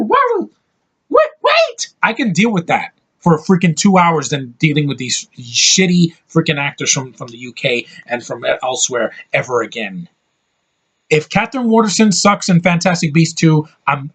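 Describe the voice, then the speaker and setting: A man's voice: fairly high pitch, expressive, moderate pace, fairly bright tone, husky. A man reviewing a movie in a heated, profane rant, blunt and scornful throughout.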